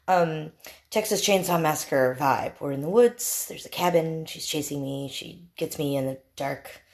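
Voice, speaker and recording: A woman's voice: sits low, measured pace, darkish tone. Blunt, profane woman telling a story. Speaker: TikTok storyteller. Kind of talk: casual storytelling to camera.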